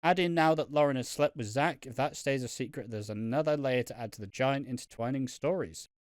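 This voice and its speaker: Smooth-voiced man reading comments. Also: medium pitch, no echo, studio quality. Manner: relaxed, swears casually, reads aloud at a quick clip. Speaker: podcast co-host. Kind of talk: casual podcast chat, reading out viewer comments.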